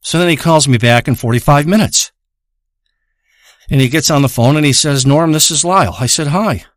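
A man telling a long absurd comic story in a deadpan, drawling way, acting out both sides of a phone call. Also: on the high side, moderate pace, no echo, clean studio sound.

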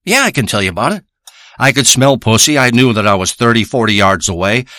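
A man's voice: mid-range voice, animated, a little fast, sharp tone, no echo, studio quality. A man playing a crude, rambling male treasure hunter who boasts and swears through a comic monologue. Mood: boastful. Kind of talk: improvised comic character monologue.

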